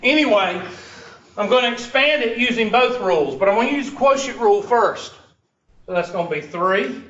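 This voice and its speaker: A man's voice: high voice, lively intonation, moderate pace, fairly bright tone, distant mic. A man lecturing a math class, joking and teasing while he quizzes his students. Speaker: math instructor. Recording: echoey muffled room recording from afar with faint hiss.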